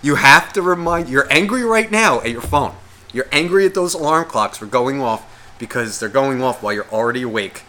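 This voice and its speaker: On a podcast, a male co-host launches into a profane, comic rant, animatedly swearing and performing the voices inside his head. He talks briskly in a mid-range voice.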